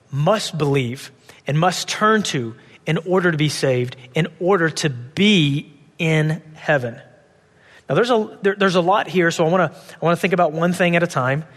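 A man's voice: fairly high pitch, a bit bright, long reverb tail. A man preaching a sermon as pastor, often repeating words and asking rhetorical questions.

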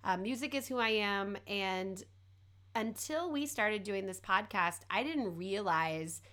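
A woman's voice: mid-range voice, a little slow. A woman co-hosting a podcast in casual chat, speaking with a slight lisp. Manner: relaxed, musical, talks of singing. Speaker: podcast co-host.

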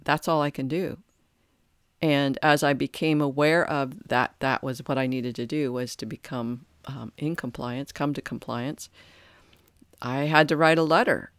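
A podcast host giving a reflective spiritual talk, thoughtful and halting, often restarting phrases. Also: mid-range voice, steady tone, fairly bright tone, dry recording, clean studio sound.

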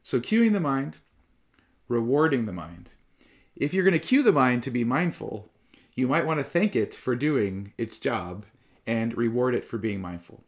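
A middle-aged man giving a Dharma talk to his students as a meditation teacher, calm and reflective but livelier when he tells stories. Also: medium pitch, normal speed.

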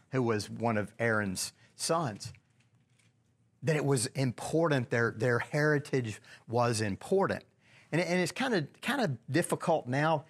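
Man leading a casual Bible study. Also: mid-range voice. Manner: conversational, asks the group questions, many restarts.

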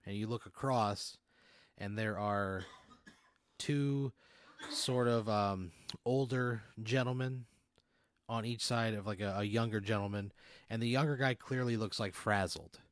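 A man's voice: fairly low pitch, measured pace, no room sound. A man running an improvised role-play game as game master, narrating in a rambling way with many fillers.

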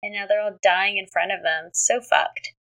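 Bright-voiced woman reading recap notes. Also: medium pitch, fairly even intonation, moderate pace, gravelly, poor audio. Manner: reads recap notes aloud, frank, swears, reacts with short agreements. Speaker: podcast co-host recapping a drama. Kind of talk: casual chat.

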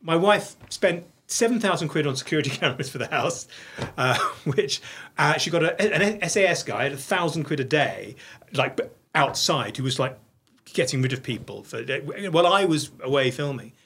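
A man's voice: on the high side, expressive, moderate pace, fairly bright tone, a little hiss or hum. A middle-aged man talking as an interview guest, blunt and profane, tumbling over restarts as he speaks. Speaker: podcast guest. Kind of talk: candid interview conversation.

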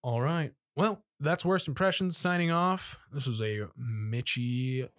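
A man's voice: mid-range voice, measured pace, fairly bright tone, dry recording. A man hosting a casual podcast, rambling through plugs with many fillers. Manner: rambling, lots of fillers and laughs. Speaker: podcast host.

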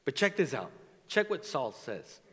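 A man preaching a sermon as a pastor, speaking in an animated way and acting out the voices he quotes. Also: mid-range voice, a little slow, husky. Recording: long reverb of a large hall.

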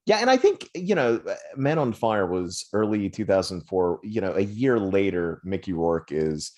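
A man's voice: low-pitched, normal speed. A man co-hosting a film podcast, talking emphatically and teasing his co-host. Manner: animated, emphatic, playful teasing. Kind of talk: casual film podcast chat.

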